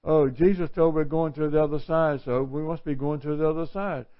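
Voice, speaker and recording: Man, preacher, sermon, earnest conversational delivery, slightly high voice, muffled lo-fi recording. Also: fairly even intonation, brisk. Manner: earnest and conversational, with rhetorical questions. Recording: dull lo-fi recording.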